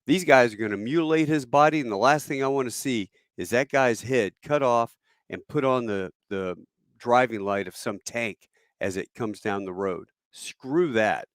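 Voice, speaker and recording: A man's voice: mid-range voice, normal speed, dry recording, studio quality, lightly acted. A man voicing a tough, blunt Marine sergeant giving orders under fire, in a told war story. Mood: defiant. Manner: blunt, defiant, commanding.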